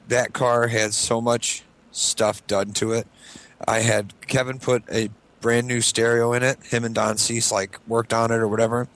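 A man's voice: lowish voice, gravelly, fairly bright tone. A man casually reminiscing to friends about an old car, rambling and swearing. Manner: nostalgic, rambling, profane. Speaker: podcast co-host. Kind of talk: casual storytelling among friends.

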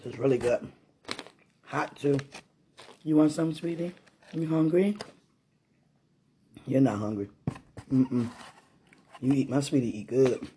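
A man chatting affectionately at home while eating, soft-spoken and often murmuring, in a casual intimate vlog. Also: mid-range voice, a little slow, long pauses, a little hiss or hum.

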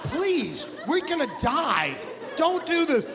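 A man's voice: very high-pitched, huge pitch swings, slow pace, a crowd in the background, exaggerated voice. A man putting on a pleading little sister. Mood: panicked. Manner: earnest, pleading. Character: six-year-old little sister, sensible and pleading. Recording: long hall reverb.

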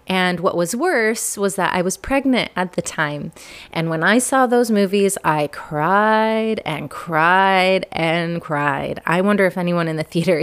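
A woman's voice: on the low side, clear, resonant tone. A woman in her thirties telling a personal story in a candid, self-deprecating way, often laughing.

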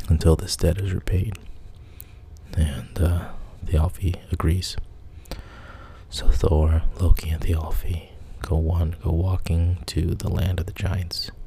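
A man's voice: sits low, vocal fry, dark tone, husky. A man casually retelling an old myth in a conversational, plain manner, with the odd filler. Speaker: storyteller.

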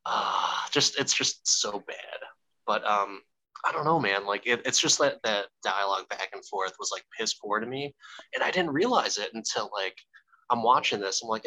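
A man with a lowish, bright voice talks in a loose, rambling podcast chat. He swears freely and often restarts his sentences. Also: lively intonation, normal speed, poor audio. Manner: rambling, profane, full of restarts. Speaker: podcast co-host. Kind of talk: casual chat.

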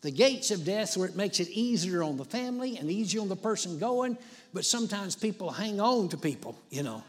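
A man's voice: high-pitched, sing-song, brisk. A man preaching a sermon as he tells a story, in a folksy way with dramatic rises and many asides of "you know". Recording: long hall reverb.

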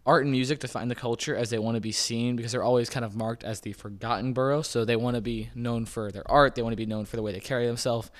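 A man's voice: medium pitch, steady tone, fast, hardly any pauses. A man hosting a podcast, explaining things in a loose, rambling way, often saying "kind of" and "like". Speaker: podcast host. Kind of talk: casual informational talk.

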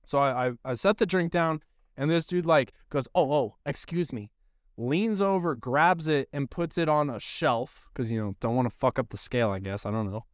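A man's voice: mid-range voice, animated, moderate pace, dry recording, clean studio sound. A man hosting a podcast, telling a casual story in a rambling, profane way with lots of filler words. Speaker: podcast host.

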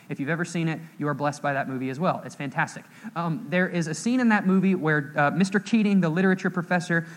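A young man preaching a sermon in church, telling stories and acting out scenes with lively emphasis. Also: on the high side, big-room sound. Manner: animated storytelling, acting out quoted scenes with raised voice. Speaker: pastor.

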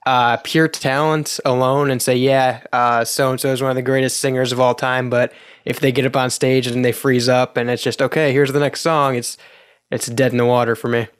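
A man's voice: mid-range voice, level tone, moderate pace, clear, resonant tone, no echo. Easygoing male guest on a dry mic. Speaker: guest co-host. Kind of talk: casual chat.

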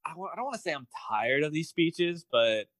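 Man, podcast co-host, loose and filler-heavy, a bit high-pitched; dry close mic. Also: very animated, fairly quick, fairly bright tone, no room sound. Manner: rambling, filler-heavy, wry. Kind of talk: casual chat.

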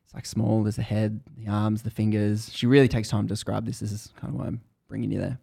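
Gravelly man recapping a book. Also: fairly low pitch, fast. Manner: animated storytelling, building tension. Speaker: podcast host. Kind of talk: casual book recap chat.

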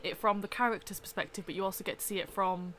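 A woman's voice: medium pitch, fast, a bit bright, slight background noise. A woman artist in casual chat who agrees readily and rephrases her points as she talks.

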